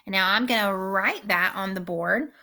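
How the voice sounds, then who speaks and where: A woman teacher giving a recorded phonics lesson, speaking slowly and clearly and repeating each word for young learners. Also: mid-range voice, pushed and bright. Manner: slow, clear instructional pacing with repeated words.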